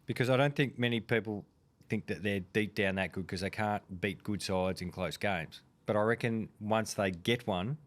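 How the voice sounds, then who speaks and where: An Australian man co-hosting a sports radio show, trading quick, opinionated quips in casual banter. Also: lowish voice. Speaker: co-host, former footballer.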